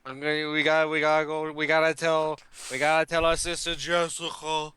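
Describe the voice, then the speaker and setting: A man's voice: fairly high pitch, monotone, fairly quick, sharp tone, clear, resonant tone, no echo. A man voicing a boisterous Italian-American family man with a put-on accent, pushy and folksy. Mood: pushy, jovial.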